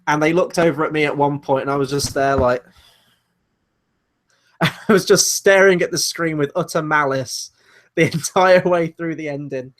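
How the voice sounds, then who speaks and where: A man with a fairly high voice co-hosting a film review podcast. He talks casually and at length, rambling from point to point. His tone is animated and sarcastic. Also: normal speed. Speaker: podcast co-host.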